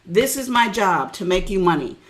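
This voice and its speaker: A middle-aged woman business coach giving an energetic, preachy motivational webinar talk and calling out listeners by name. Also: medium pitch, normal speed.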